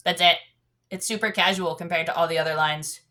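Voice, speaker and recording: This piano teacher has a fairly low voice with fairly even intonation and a brisk delivery. She patiently walks through the lesson, singing out counts while she plays, and the piano is heard in the background.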